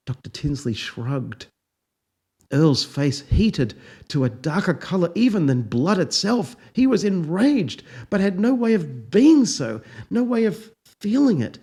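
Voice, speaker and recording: A man, a professor, narrating a story in a dry, deadpan, unhurried manner. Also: on the high side, breathy edge.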